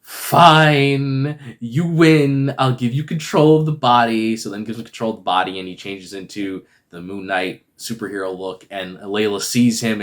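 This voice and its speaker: A man recaps a TV episode in a casual, rambling video review packed with fillers. His voice sits low and sounds a bit bright.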